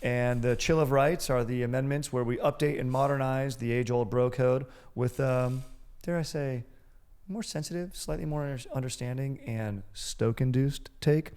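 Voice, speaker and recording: A man's voice: medium pitch, moderate pace, darkish tone. Playful man hosting a comedy podcast. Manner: playful, mock-solemn, drifts into quoted bits. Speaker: podcast co-host. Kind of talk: casual comedic chat.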